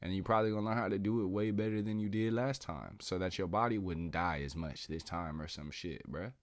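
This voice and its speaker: A man's voice: deep voice, fairly even intonation, dry recording, studio quality. A man in a casual philosophical monologue, rambling and slangy with lots of profanity, drawing out his words as he muses and laughing often. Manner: drawn-out, musing delivery. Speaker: podcast host.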